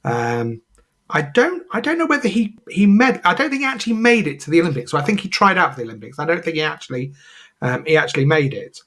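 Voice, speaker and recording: Husky man chatting casually. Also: a little high, very animated, fast talker, a bit bright. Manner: rambling, full of fillers and restarts. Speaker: podcast co-host. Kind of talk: casual chat.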